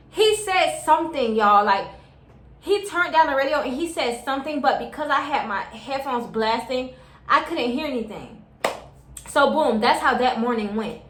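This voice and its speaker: A woman's voice: a little high, a bit bright. A young adult woman telling a story to her viewers in a casual, slangy way, often calling them y'all. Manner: chatty, slangy, keeps addressing viewers as y'all. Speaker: vlogger. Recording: echoey room.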